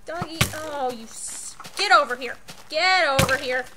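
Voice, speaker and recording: A woman co-hosting a gameplay commentary, excitable, yelling and swearing at the game. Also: sits high, measured pace. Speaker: let's play co-host. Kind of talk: gaming commentary. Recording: loud background hiss.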